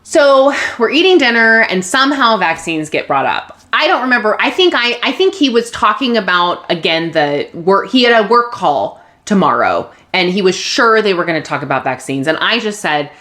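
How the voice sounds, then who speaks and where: A woman podcast host candidly telling a personal story, open and emotional, with restarts and soft laughs. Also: medium pitch, big pitch swings, moderate pace, few pauses.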